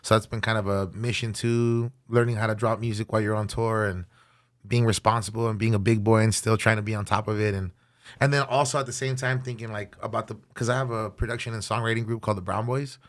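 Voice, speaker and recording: A man's voice: on the low side, fairly even intonation. A man in his thirties, a guest musician telling road stories in casual, slangy podcast chat. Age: 30s. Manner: slangy, rapid storytelling.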